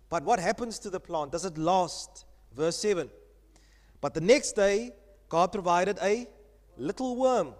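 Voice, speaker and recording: A male pastor preaching a lively sermon, telling stories and putting questions to his congregation. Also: sits high, in a large hall. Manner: animated storytelling, asks the congregation questions. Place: church hall.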